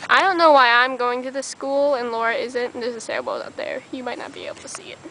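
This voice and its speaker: A woman's voice: on the high side, fairly even intonation, fairly quick. A young woman walking around a college campus outdoors, talking casually to a handheld camera in a chatty, rambling way. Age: young adult. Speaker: college student vlogger. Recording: noisy outdoor camera audio.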